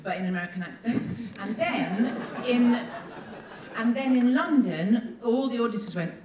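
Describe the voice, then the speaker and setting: A woman giving a rambling, giggly, excited award acceptance speech on a theatre stage. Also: on the high side, moderate pace, very noisy. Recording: echoey theatre, far from mic, loud audience. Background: audience laughter.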